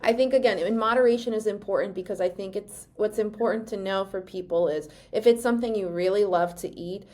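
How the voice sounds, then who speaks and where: A woman co-hosting a podcast in casual chat, speaking in a measured, thoughtful way. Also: medium pitch, a little mellow. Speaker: podcast co-host.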